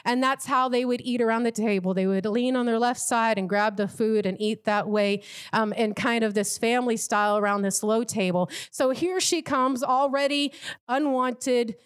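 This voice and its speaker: A woman's voice: fairly high pitch, fairly even intonation, normal speed, clean tone. A woman preaching a sermon, telling a Bible story vividly and acting out what the onlookers might have said. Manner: vivid storytelling, acts out imagined quotes.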